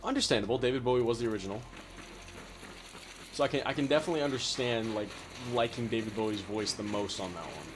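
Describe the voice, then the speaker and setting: A man's voice: medium pitch, fast, noisy background. A man from California streaming a game, chatting casually in a laid-back, slangy, enthusiastic way. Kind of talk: casual chat while gaming.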